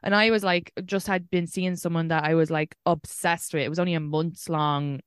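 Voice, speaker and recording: A woman's voice: on the low side, moderate pace, clear, resonant tone, no echo, clean studio sound. Swearing Irish woman telling dating stories. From Ireland. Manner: swearing storyteller, animated retelling. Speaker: podcast host. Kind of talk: casual chat over video call. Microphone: video call.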